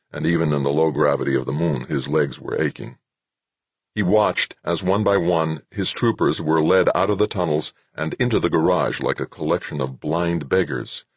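A man's voice: extremely low pitch, breathy edge, no echo. A man narrating an audiobook with dramatic, tense storytelling.

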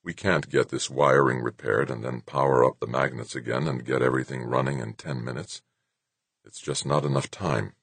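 A man's voice: extremely low pitch, fairly even intonation, normal speed, vocal fry, fairly bright tone, slightly rough, dry recording, exaggerated voice. A man voicing a grim, determined male engineer in a spacesuit, speaking tersely in an audiobook reading.

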